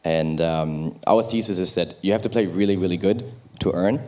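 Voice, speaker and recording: A man speaking as a panelist on a theater stage, measured and explanatory. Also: deep voice, warm tone. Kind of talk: conference panel discussion.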